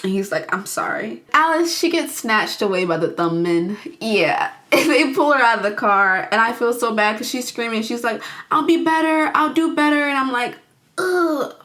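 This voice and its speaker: A young woman recapping a movie in a casual, animated way, acting out the characters' lines as she goes. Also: fairly high pitch, moderate pace, few pauses. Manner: animated, acts out characters' lines in quoted voices. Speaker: movie reviewer.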